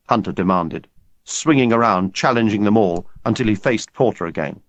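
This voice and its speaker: A man narrating a novel as an audiobook in an expressive, measured storytelling manner. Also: fairly low pitch, no room sound, highs cut off. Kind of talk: scripted narration.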